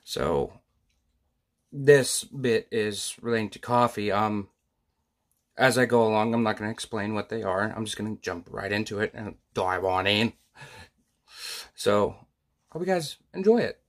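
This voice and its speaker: A man casually introducing his video as a vlogger, low-key and relaxed. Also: measured pace, long pauses.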